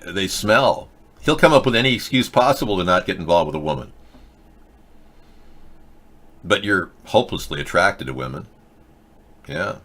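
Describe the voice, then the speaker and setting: Blunt, lecturing man with a bright voice. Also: sits low, expressive, a little fast. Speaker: host. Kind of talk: live video chat commentary, answering viewer comments.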